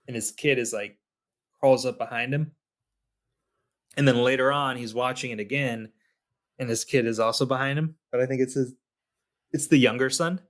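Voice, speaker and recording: A man's voice: mid-range voice, fairly even intonation, moderate pace, long pauses. A man co-hosting a podcast, casually talking through a film's plot details step by step. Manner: laid-back, explains plot details step by step. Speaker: podcast co-host. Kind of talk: casual movie discussion.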